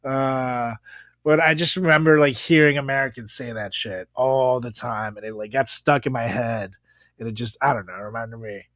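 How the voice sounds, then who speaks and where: A man's voice: medium pitch, fairly even intonation, moderate pace, fairly bright tone, no room sound. Giggly man co-hosting a podcast, dry sound. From Venezuela. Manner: crude, giggly, rambling. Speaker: podcast co-host. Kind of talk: casual comedic chat.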